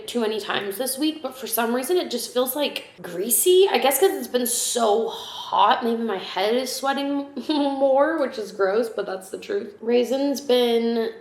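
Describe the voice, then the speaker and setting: Young adult woman, casual home vlogger, talks in loose rambling chat. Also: on the high side. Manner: chatty, rambling, lots of "like".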